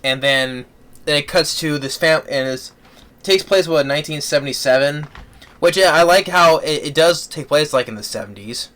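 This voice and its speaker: A man's voice: a little high, moderate pace, fairly bright tone. A man giving a casual spoken movie review, rambling with many fillers and restarts.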